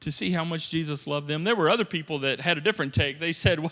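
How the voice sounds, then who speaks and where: A male pastor preaching a sermon in an animated, joking way, swinging between quiet and loud. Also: on the high side, fast. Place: church sanctuary. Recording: reverberant church sanctuary.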